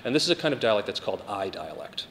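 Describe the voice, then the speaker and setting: A man leading a literature discussion for a podcast, talking quickly and emphatically and often checking in with "right?". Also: fairly low pitch, very animated, a bit bright, in a large hall, a little hiss or hum.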